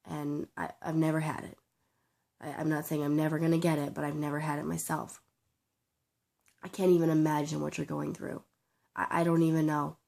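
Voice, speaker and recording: A young woman with a sore throat talking in a personal vlog, halting, tearful and full of restarts. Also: low-pitched, creaky, darkish tone. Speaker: vlogger.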